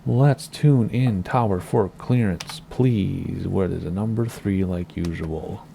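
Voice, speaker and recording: A man streaming a flight simulator, chatting casually and rambling, with a slightly hoarse voice. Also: sits low, slow pace, warm tone, slight background noise. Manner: chatty, rambling, self-correcting. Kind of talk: casual gameplay commentary.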